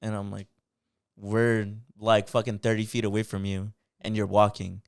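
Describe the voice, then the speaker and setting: A young man co-hosting a podcast, telling a story in a casual, animated way and swearing a lot. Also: fairly low pitch, moderate pace, gravelly, clean tone, no room sound, clean studio sound. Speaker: podcast co-host.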